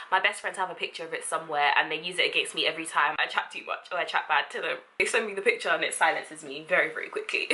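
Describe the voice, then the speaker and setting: A young woman, chatting casually to camera as a vlogger, sassy and expressive with quick asides. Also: fairly low pitch.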